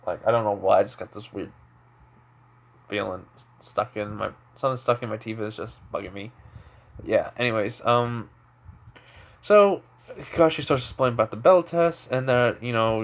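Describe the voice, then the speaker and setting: A young man telling an improvised fan story in a loose, rambling way, full of fillers and asides. His voice sits at an ordinary middle pitch for a man. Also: fairly quick, muffled recording. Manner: rambling, filler-heavy, chuckling. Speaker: amateur storyteller.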